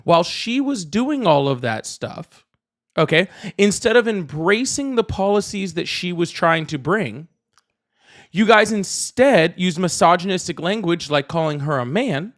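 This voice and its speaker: A man's voice: high voice, animated, unhurried, fairly bright tone. A man debating live, insistent and sarcastic, pressing his point over interruptions.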